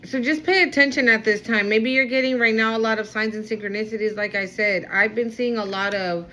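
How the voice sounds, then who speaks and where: A woman's voice: on the high side, fairly even intonation, fairly quick, pushed and bright, a little hiss or hum, poor audio. A woman giving a heartfelt intuitive card reading, speaking straight to her viewers and slipping into Spanish now and then. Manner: earnest, emotional, addresses viewer directly; switches into Spanish at times. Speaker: spiritual card reader.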